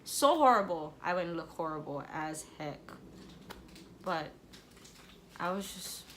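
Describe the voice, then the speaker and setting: A woman's voice: on the low side, animated, takes it slowly, a bit bright, slight background noise. A young adult woman telling a personal story in a vlog, candid and emotional, sometimes tearful and apologizing. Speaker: vlogger.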